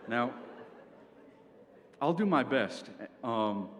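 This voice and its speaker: A man's voice: medium pitch, lively intonation, very slow. A young man giving a comic presentation at an event, with a dry delivery that tags his points with "okay?". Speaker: speaker at a student event. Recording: reverberant hall, faint background noise.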